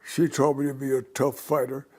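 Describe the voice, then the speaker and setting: A man's voice: mid-range voice, level tone, normal speed, darkish tone. An older man, a guest in an interview, telling long, rambling stories from his life and acting out the voices of the people in them. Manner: rambling anecdotal storyteller who acts out quoted voices. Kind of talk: storytelling in an interview.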